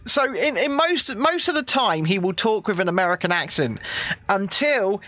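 A man's voice: high voice, big pitch swings, normal speed, bright, forceful tone, no echo. A man with a Scottish accent co-hosting a crude, casual chat show, swearing freely and reading out viewer comments. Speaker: podcast co-host.

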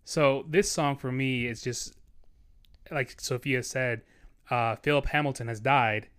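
A man's voice: medium pitch, steady tone, unhurried, a bit bright, clear, resonant tone. A man co-hosting a casual podcast chat, steering the conversation in an earnest, heartfelt way. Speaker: podcast co-host. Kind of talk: casual chat about a musical.

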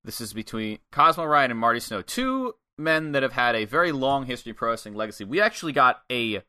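A man co-hosting a casual podcast chat, recapping wrestling matches in an animated way with plenty of swearing. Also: medium pitch, fast talker, smooth.

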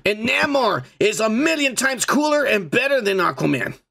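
A young man co-hosting a podcast, talking crudely and boastfully in a casual drunk chat with a raspy voice. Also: high-pitched, sing-song, normal speed, sharp tone. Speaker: podcast co-host.

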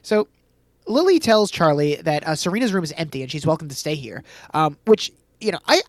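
A man co-hosting a podcast, recapping a TV episode in casual chat, quick and chatty with sarcastic asides and frequent laughs. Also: a little high, sing-song, no room sound.

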